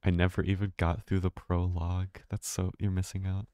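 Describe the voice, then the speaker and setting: A man's voice: low-pitched, flat delivery, fairly quick, dark tone, clean tone, no echo, studio quality. A man streaming a game live, chatting casually and rambling, often swearing and laughing. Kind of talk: casual live gameplay commentary.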